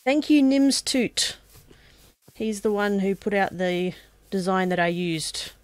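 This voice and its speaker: A woman's voice: medium pitch, slow pace, no room sound. A woman giving casual commentary on her own gameplay, talking to herself as she plays. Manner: chatty, talks to herself, bursts into excited shouting. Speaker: let's play gamer.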